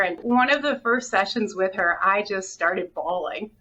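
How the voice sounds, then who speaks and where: In an interview, a middle-aged woman who directs a hospital talks unhurriedly with hardly any pauses, her medium-pitched voice bright and forceful. She is earnest and frank, at times near tears as she shares emotional stories, heard through dull, distant audio with slight noise.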